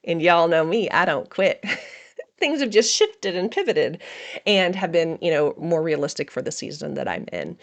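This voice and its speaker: A woman's voice: lowish voice, big pitch swings, normal speed, creaky. A middle-aged woman hosting a podcast, talking candidly and emotionally about her day in a casual monologue, laughing often. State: emotional, feeling raw. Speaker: podcast host.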